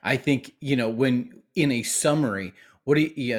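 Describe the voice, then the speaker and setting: A man co-hosting a political podcast, speaking earnestly in casual conversation with frequent restarts. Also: mid-range voice. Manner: halting, restarts often, earnest. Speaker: podcast co-host.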